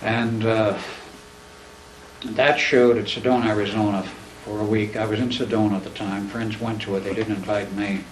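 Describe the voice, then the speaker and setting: In a fairly low voice at normal speed, a man loosely recounts a long personal story during a living-room chat, playing out the quoted exchanges with animation. The distant mic gives a roomy sound with faint background noise.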